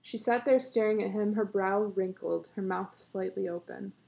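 A woman reading a short story aloud, narrating in a steady, even way. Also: medium pitch, moderate pace, gravelly. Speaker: story reader.

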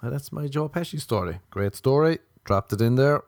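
A man's voice: medium pitch, expressive, normal speed, darkish tone, dry recording, clean studio sound. A man hosting a podcast, telling a rambling, crude, self-mocking comedic monologue. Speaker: podcast host.

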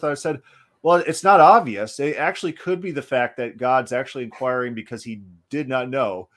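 A man hosting a relaxed talk show. His voice sits at a middle pitch, and he talks in an animated way that often doubles back and restarts. It sounds like easy conversation with a guest. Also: normal speed. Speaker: podcast host. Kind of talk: casual discussion.

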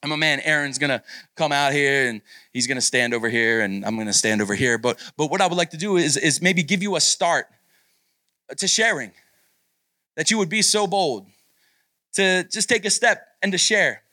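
A man's voice: on the high side, normal speed, no room sound. A man preaching as a guest pastor at a youth retreat, then eagerly hyping up students as they share on a handheld mic. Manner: energetic, encouraging hype man. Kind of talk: sermon and leading audience sharing. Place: large meeting room with students. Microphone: handheld microphone.

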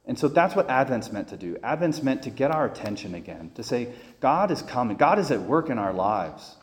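Male priest, mid-pitched, loose homily delivery with stumbles, long church reverb. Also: sing-song, a little fast. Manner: conversational, many restarts and fillers. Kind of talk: homily with personal stories.

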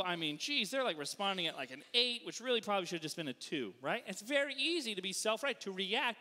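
A man from the Northeastern US delivers a sermon as a playful, self-deprecating storyteller. His voice sits high and bright and leaps all over the place. The sound carries the long reverb of a church hall. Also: sing-song, fairly quick.

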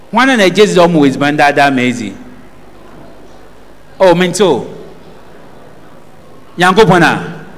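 A man's voice: high voice, a bit bright, big-room sound. A man with a Ghanaian accent preaching a sermon, throwing questions out to the congregation for them to answer. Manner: call-and-response preaching, asking the congregation questions.

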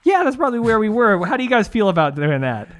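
A man hosts a casual comedy podcast, trading jokes with his co-hosts. His pitch swings widely as he riffs, and he swears without a second thought. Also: very animated, fast, noisy background. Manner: loose, joking, swears casually. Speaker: podcast host.

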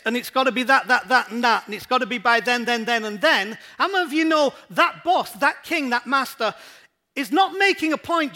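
A man's voice: very high-pitched, sharp tone. A male pastor preaching a sermon in a church, emphatic and repetitive as he drives his points home.

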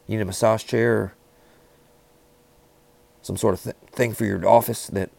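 A man in rambling, deadpan comedic banter, riffing with frequent restarts. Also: lowish voice, moderate pace, vocal fry, no room sound.

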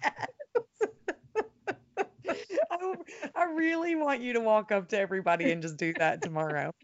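A woman's voice: mid-range voice, moderate pace, highs cut off. A woman co-hosting a podcast, chatting casually with lots of fillers and giggles. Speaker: podcast co-host. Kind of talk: casual chat.

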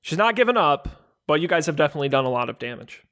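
A man's voice: fairly high pitch, sing-song, a bit bright. A man narrating as game master of a tabletop game, casual and joking. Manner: casual, joking, quick asides.

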